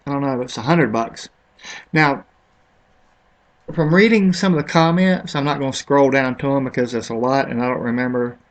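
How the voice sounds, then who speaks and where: A man talking casually and a little ramblingly over a product comparison, unsure of some words as he goes. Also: medium pitch. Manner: offhand, rambling, unsure of pronunciations. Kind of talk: casual screen-recorded commentary.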